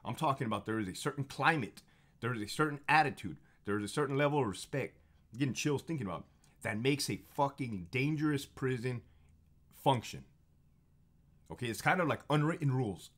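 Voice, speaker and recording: A man's voice: medium pitch, fairly bright tone. A man in his thirties, a former prison officer, telling stories in a casual, profane, emphatic monologue that gets heated and confrontational. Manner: profane, emphatic, repeats phrases for effect.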